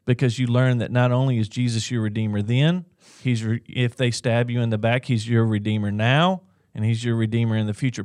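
A man's voice: mid-range voice, darkish tone, dry recording, clean studio sound. A man co-hosting a Christian livestream, speaking earnestly and encouraging viewers to respond in the chat. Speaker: co-host of a faith livestream. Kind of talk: conversational Christian teaching.

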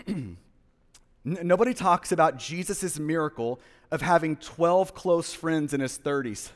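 High-voiced male pastor in a reverberant hall. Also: unhurried. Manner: earnest, repeats words and restarts often. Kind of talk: sermon.

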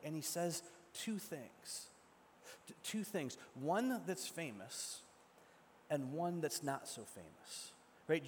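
A male preacher retelling a story in a sermon with dramatic shifts between loud and hushed delivery, recorded with a long echo. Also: on the high side, a little hiss or hum. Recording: long echo from a large hall.

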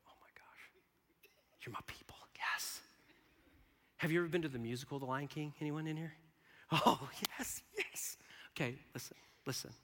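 High, bright-voiced preacher in a reverberant hall. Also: male voice, moderate pace, long pauses, slight background noise. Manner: animated, swings from hushed whispers to loud bursts, laughs often. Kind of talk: sermon. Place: large hall with a live audience.

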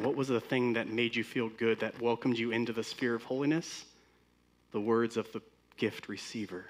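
Male pastor, mid-pitched voice, casual sermon delivery, keeps asking the congregation questions. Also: brisk. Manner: conversational, asks the congregation many rhetorical questions.

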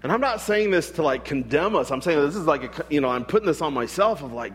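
A man's voice: a little high, lively intonation, fast, hardly any pauses, breathy edge. A man, a pastor, preaching a sermon in a conversational way, with frequent rhetorical asides to his congregation.

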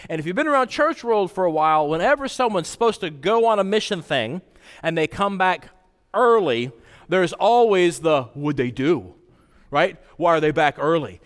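A man delivers a sermon with lively, conversational energy and frequent asides to the congregation. His voice sits high for a man. Long reverb from the church sanctuary trails after his words. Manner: conversational, animated preaching with asides. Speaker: pastor.

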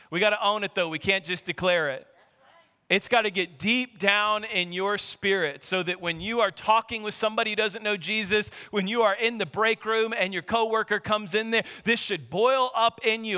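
High, bright-voiced man preaching a sermon. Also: fairly quick, smooth. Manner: animated preaching, acting out Bible characters' lines. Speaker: pastor. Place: church sanctuary. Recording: long hall reverb.

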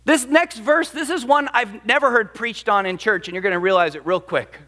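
A man's voice: high voice, normal speed, bright, forceful tone. A man preaching a sermon as pastor, emphatic and dramatic, acting out the quotes he cites. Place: church sanctuary. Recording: long reverb of a large hall.

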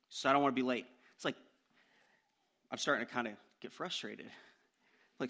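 A young man preaching a sermon, telling a personal story in an animated way that climbs into loud outbursts. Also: medium pitch, normal speed, pauses often.

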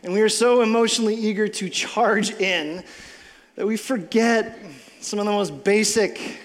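A male pastor telling a story in a sermon, lively and casual, full of fillers and acted-out quotes. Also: high voice, normal speed, long reverb tail.

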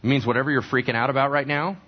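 A man's voice: medium pitch, fairly even intonation, very fast, breathy edge, highs cut off. A male pastor preaching a sermon, who keeps asking the congregation questions and then answers them himself. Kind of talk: sermon teaching from scripture.

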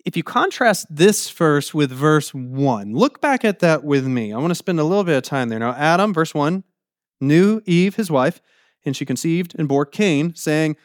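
Animated preacher, dry close sound. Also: male voice, fairly high pitch, normal speed, dry recording. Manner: animated, acts out quotes, laughs easily. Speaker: pastor. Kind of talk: sermon.

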